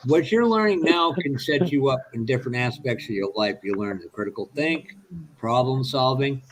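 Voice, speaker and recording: A man's voice: medium pitch, animated, normal speed, noisy background. A man in casual chat, encouraging a younger hobbyist with practical advice in a mentoring way. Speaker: hobby stream participant giving advice.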